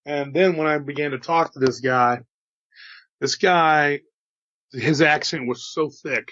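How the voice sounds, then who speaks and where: A man's voice: a little high, steady tone, unhurried, fairly bright tone, dry recording, highs cut off. A man with a slight Texas drawl telling a story in a casual, chatty way, with folksy asides to his listeners. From Texas, USA. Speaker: host telling encounter stories.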